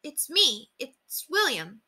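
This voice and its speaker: An earnest young boy with a high, bright voice calls out with urgency, as a woman reading aloud puts him on. He sounds gentle and eager in this storybook telling. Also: sing-song, measured pace, full character voice. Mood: soft.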